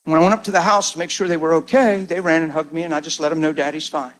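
Middle-aged male preacher, slightly high voice, animated sermon storyteller with hushed asides. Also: quick pace, slight background noise. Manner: animated, acts out the people in his story, drops to hushed tones. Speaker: preacher giving a testimony.

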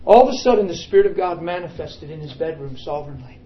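A man preaching a sermon and telling a story dramatically, swinging between hushed and emphatic. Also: fairly high pitch, quick pace, few pauses, lo-fi sound, slight background noise.

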